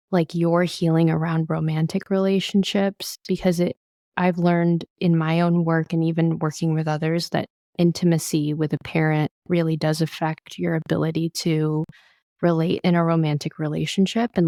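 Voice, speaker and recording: A woman's voice: fairly low pitch, darkish tone, no echo, studio quality. A woman podcast host sharing a story of her own and drawing out her guest, nodding along with frequent affirmations. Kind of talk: conversational interview hosting.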